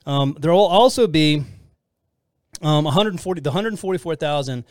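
A man's voice: fairly high pitch, normal speed, no echo. Earnest man teaching scripture, dry sound. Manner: earnest, rambling with many restarts and fillers. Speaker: podcast host teaching the Bible. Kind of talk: casual Bible teaching.

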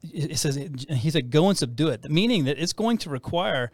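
A man's voice: a little high, lively intonation, brisk, no room sound, studio quality. A man hosting a casual Christian talk show, who rambles and restarts his sentences often. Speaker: host.

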